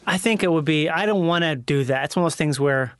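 A man's voice: on the high side, clean tone, no room sound, studio quality. A man hosting a casual podcast chat, joking, riffing and swearing freely. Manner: joking, profane, quick to riff.

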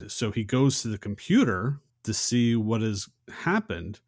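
A man's voice: on the low side, big pitch swings, measured pace, dry recording, studio quality. A man co-hosting a podcast, recapping a film scene in a casual chat with long chains of "and". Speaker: podcast co-host.

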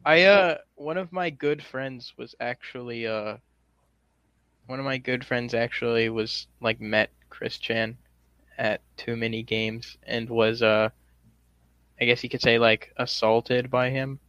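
A young man chatting casually with friends, halting and restarting as he tells a story. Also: mid-range voice, steady tone, fairly bright tone, clean tone, no echo, highs cut off. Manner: halting, many fillers and restarts. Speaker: viewer reacting to videos. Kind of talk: casual chat.

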